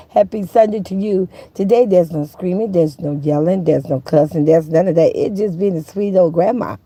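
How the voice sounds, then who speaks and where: A woman's voice: mid-range voice, dark tone, no echo. A woman hosting her own live stream, chatting folksily with viewers and greeting them by name. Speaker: YouTube commentary host. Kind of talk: live-stream chat talk.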